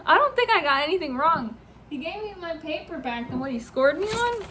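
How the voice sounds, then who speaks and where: High-voiced young woman telling a story. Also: fairly quick. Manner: animated, laughing, swearing freely, acting out quotes. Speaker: vlogger. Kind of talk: casual storytelling vlog.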